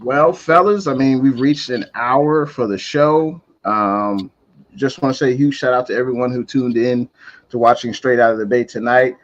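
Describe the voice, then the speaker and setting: A man's voice: medium pitch, normal speed, highs cut off. A man hosting a fan talk show, closing it out in an easygoing, thankful way. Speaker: show host. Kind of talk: casual chat.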